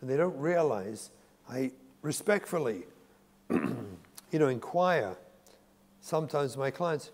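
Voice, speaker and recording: Speaking slowly with long pauses, a male psychotherapist lectures a religious audience earnestly and emphatically, repeating key phrases for emphasis. His mid-range, slightly mellow voice is very animated, and a long hall reverb surrounds it.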